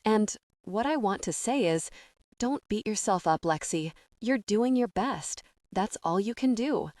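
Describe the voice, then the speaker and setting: A woman reading an audiobook, voicing an earnest young man who talks in a low, dry, carefully measured way. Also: expressive, a little mellow, dry recording. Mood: earnest, gentle. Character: earnest young man, gentle, quietly heartbroken.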